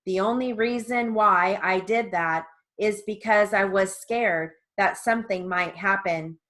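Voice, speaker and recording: Woman reading court transcript for steno drills, unhurried and even-toned. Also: medium pitch. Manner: even, measured reading of every part in one voice, brief casual asides. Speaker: dictation reader for court reporting practice.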